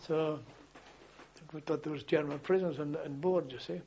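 An older man telling wartime memories as a former policeman, in a halting, rambling way full of restarts and chuckles. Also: on the high side, steady tone, mellow, breathy edge, dull audio. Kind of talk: oral history storytelling.

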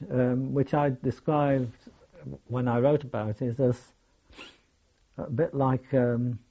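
An older man, recalling his wartime experiences in a hesitant, halting way full of restarts. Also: mid-range voice, warm tone. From England. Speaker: war veteran telling his story. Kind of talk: oral history recollection. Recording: dull lo-fi recording.

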